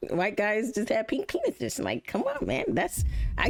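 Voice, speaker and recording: A woman's voice: a little high, normal speed. A woman live-streaming a reaction video, chatting casually and telling stories, swearing freely. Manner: profane, animated storytelling with laughs.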